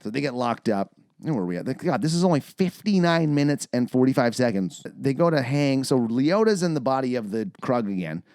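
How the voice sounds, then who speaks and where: A man co-hosting a casual movie review podcast, retelling scenes in a sweary, animated way with acted-out quotes. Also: medium pitch, a little fast, dry recording, clean studio sound. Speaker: podcast co-host.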